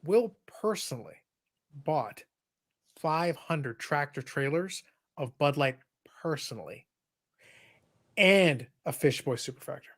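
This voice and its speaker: A man's voice: on the high side, lively intonation, takes it slowly, pauses often, fairly bright tone. A man hosting a casual podcast, reading chat comments aloud with a joking, sarcastic manner. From Canada.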